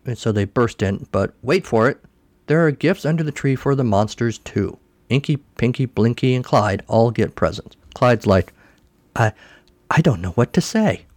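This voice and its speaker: A man's voice: mid-range voice, moderate pace, dry recording. Dry-voiced man with wry asides. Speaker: podcast host. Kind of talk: casual recap of a cartoon special.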